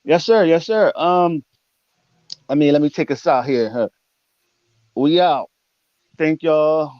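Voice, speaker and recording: A man's voice: fairly high pitch, takes it slowly, a little mellow, no room sound. Laid-back male host, dull dry sound. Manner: laid-back, laughing, repeats "you know what I'm saying". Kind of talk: casual interview show.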